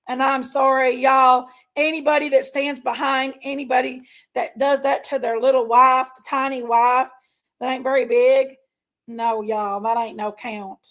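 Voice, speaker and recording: An online commentary streamer with a high-pitched voice rants to her viewers in a heated, casual way. Emotional and fired up, she keeps telling herself to calm down.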